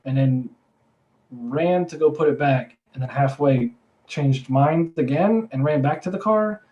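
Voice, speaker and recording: A man's voice: on the high side, unhurried, a little mellow, muffled recording. A young man co-hosting a podcast, telling a story in a rambling, casual way full of "like" and self-corrections. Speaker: podcast co-host.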